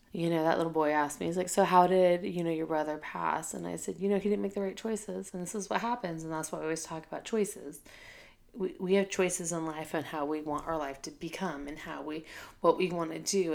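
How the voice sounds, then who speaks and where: Gravelly-voiced woman telling a heartfelt story. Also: sits low, steady tone, fairly quick, darkish tone. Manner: candid, heartfelt, tearful at times, many fillers. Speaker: school teacher and administrator. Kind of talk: emotional personal storytelling.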